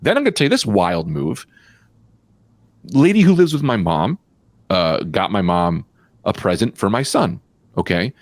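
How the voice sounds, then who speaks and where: A man co-hosting a comedy podcast, telling stories in a fast, profane, animated rant. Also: dry recording, studio quality. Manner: animated, profane, quick rants with pitch jumps. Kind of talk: casual storytelling chat.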